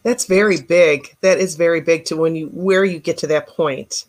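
Low-voiced woman interviewing gently. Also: moderate pace. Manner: warm, affirming, with soft "mm" replies. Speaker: podcast host. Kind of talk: interview questions.

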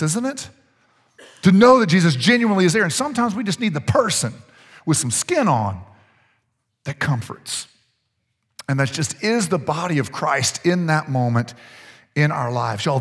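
A man's voice: fairly high pitch, a bit bright, breathy edge, in a large hall. A man preaching a sermon as pastor, telling stories in a conversational way and asking the congregation questions. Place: church sanctuary.

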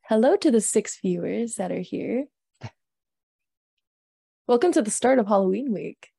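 A woman's voice: mid-range voice, animated, unhurried, creaky, warm tone, slightly rough, dry recording, clean studio sound. A young woman hosting a casual livestream, chatting and reading scary stories aloud with frequent giggles. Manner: giggly, chatty, reads with laughs. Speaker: stream host.

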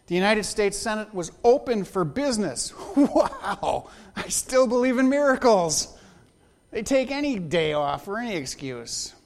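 Joking preacher with a high voice. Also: male voice. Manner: joking, storytelling, animated. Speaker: pastor. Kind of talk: sermon.

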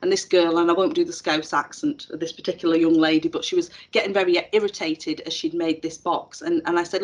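A woman's voice: lowish voice, fairly even intonation, brisk, poor audio. A middle-aged woman, a teacher educator telling stories in an interview with many fillers and restarts. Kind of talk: casual interview chat.

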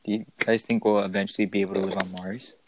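A man's voice: deep voice, level tone, fast, background noise. A young man hosting a casual podcast chat, loose and joking, full of slang. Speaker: podcast host.

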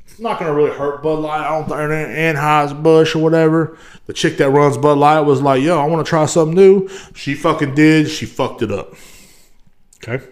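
A man's voice: fairly high pitch, a bit bright. A man in his thirties hosting his own podcast, ranting casually in a profane, rambling, mocking way. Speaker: podcast host. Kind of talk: casual rant.

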